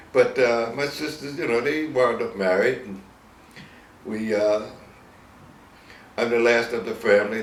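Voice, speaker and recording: A man in his eighties with a Southern American accent, telling stories in a rambling, chuckling way during an interview. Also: fairly low pitch. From Virginia, US. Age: 80s. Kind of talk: casual storytelling interview. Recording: roomy, distant mic with faint noise.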